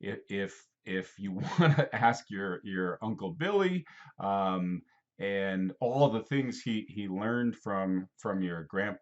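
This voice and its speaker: A man's voice: on the low side, animated, slow pace, lo-fi sound. A man teaching a casual geography lesson, rambling and playful, talking straight to a student.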